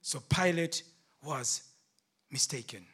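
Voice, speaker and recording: A man preaching a sermon in a measured, earnest storytelling manner. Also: mid-range voice, a bit bright, breathy edge.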